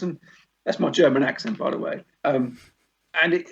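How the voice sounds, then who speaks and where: A man hosting a podcast in casual chat, an animated storyteller who acts out quoted lines. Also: fairly high pitch, moderate pace, gravelly. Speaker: podcast host. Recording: dull lo-fi podcast audio.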